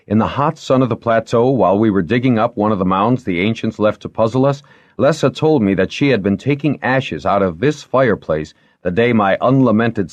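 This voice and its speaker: A man's voice: lowish voice, no room sound, highs cut off, voice pushed up. A man reading aloud and voicing a keen, earnest young lord who presses his questions.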